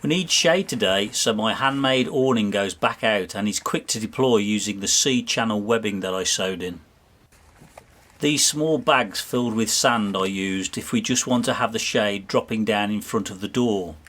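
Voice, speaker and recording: A man's voice: lowish voice, normal speed, fairly bright tone. A man from the UK vlogging his van trip, chatting casually with lots of fillers and restarts. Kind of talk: casual travel chat and voice-over. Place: outdoors in a French town. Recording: noisy outdoor sound.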